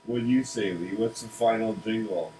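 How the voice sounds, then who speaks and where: A man pitching a cartoon series in casual comedic chat, rambling and restarting words. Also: normal speed, mellow, slight background noise, rough recording. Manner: rambling, restarts words, laughs at own jokes.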